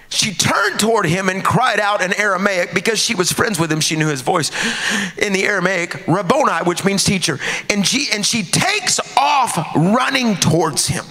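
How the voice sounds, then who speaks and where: Man preaching, loud then hushed, in an echoing hall. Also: high-pitched, lively intonation, normal speed. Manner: dramatic, swinging between hushed and shouted. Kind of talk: sermon.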